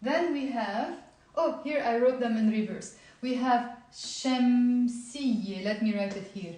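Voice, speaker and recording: A woman's voice: fairly high pitch, measured pace, dark tone. Chatty woman teaching in an echoey room. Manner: chatty, encouraging, coaxes viewers to repeat aloud. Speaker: Lebanese Arabic teacher. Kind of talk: live-streamed language lesson. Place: indoor room at a whiteboard.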